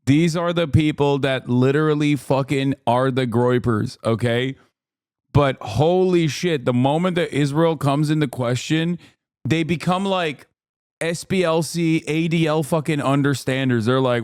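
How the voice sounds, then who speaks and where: Man, livestream reaction, sarcastic swearing rant, smooth clear voice, dry close sound. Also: on the high side, measured pace, dry recording. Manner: profane, sarcastic, animated ranting. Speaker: streamer reacting to video.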